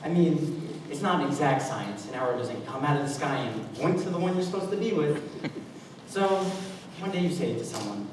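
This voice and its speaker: A man's voice: on the high side, animated, a little fast, close to an everyday voice. A man playing a wistful, rambling show-tune fan who confides in the audience, recorded from far off in an echoey school hall. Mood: musing. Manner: musing, confiding, rising to exclamations. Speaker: stage actor. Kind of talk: school stage musical acting. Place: school auditorium stage. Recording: echoey hall, distant mic, noisy.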